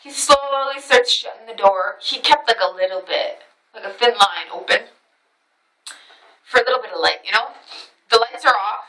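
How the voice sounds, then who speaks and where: A woman telling a personal story to camera in a casual, animated way, swearing freely and acting out what others said. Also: mid-range voice, moderate pace, long pauses, rough recording.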